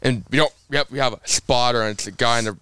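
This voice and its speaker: A man's voice: mid-range voice, fast, clear, resonant tone, no echo. Young male racer, chatty storyteller, clean dry close voice, lots of fillers. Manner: rambling, animated anecdotes with many fillers. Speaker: race car driver guest. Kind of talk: casual storytelling on a podcast.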